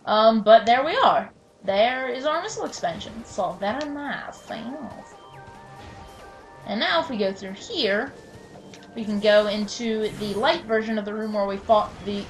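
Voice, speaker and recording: A woman with a somewhat high voice speaks animatedly at normal speed, giving casual, chatty let's play commentary where she mocks herself and bursts out in pretend fury at enemies. Game music plays behind her on a rough recording.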